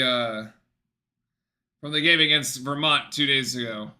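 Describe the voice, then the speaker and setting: A man at home giving casual, excitable live play-by-play commentary on a basketball game for his stream. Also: mid-range voice, unhurried. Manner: chatty, excitable, breaks off to talk softly to his dog.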